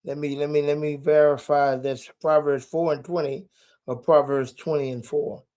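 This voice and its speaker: A man's voice: fairly high pitch, little pitch movement, normal speed, warm tone. A man preaching live from a hotel room, stretching key words for emphasis and dropping folksy asides. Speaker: preacher and podcast host. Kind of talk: live-streamed sermon. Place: hotel room while traveling.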